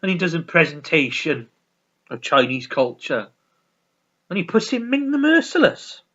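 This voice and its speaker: Excited man with a lively, bright voice. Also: a little high, normal speed, highs cut off. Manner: enthusiastic, repeats words, swears freely. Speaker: video host. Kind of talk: casual chat about a favourite comedy.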